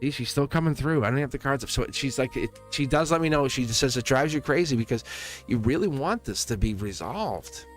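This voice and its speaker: A man's voice: mid-range voice, lively intonation, fairly quick, faint music behind. A man giving a live tarot reading, talking in an earnest, reassuring way with many restarts and asides. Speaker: tarot reader.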